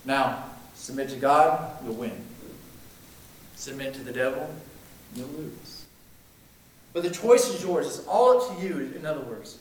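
A man preaching a sermon, emphatic, swinging between loud declarations and hushed lines. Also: mid-range voice, lively intonation, unhurried, pauses often. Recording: very echoey room, mic at a distance.

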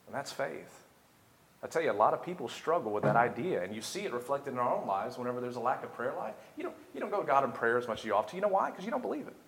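In an echoey room, a young pastor's sermon climbs toward emphatic, repeated climaxes. He talks fast with big pitch swings, a medium, somewhat bright voice, and vocal fry.

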